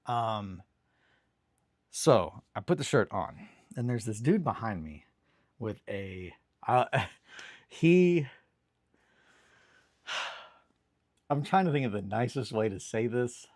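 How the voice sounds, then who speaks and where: A man's voice: mid-range voice, expressive, slow pace, long pauses, darkish tone, no echo, clean studio sound. A young man hosting a morning hobby show, telling a rambling story in a casual, self-deprecating way with the odd swear. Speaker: hobby stream host. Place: home hobby desk.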